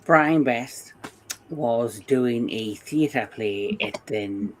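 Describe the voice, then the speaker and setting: A Geordie man in his forties spins a rambling anecdote at an unhurried, drawn-out pace, laughing along as he goes. A faint hiss of noise sits under his voice. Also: medium pitch, rough recording. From England. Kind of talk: casual chat.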